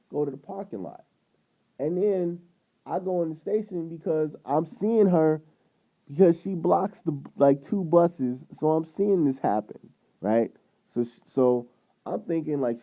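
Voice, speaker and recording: Man, vlogger, rambling casual story, quoted dialogue, mid-pitched voice, thin phone-like sound. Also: vocal fry.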